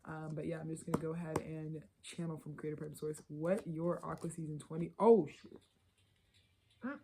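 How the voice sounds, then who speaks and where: Low, mellow-voiced woman giving a loose tarot reading. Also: brisk, a little hiss or hum. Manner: loose, profane, animated, slipping into quoted voices. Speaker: tarot reader. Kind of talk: casual channeled reading to camera.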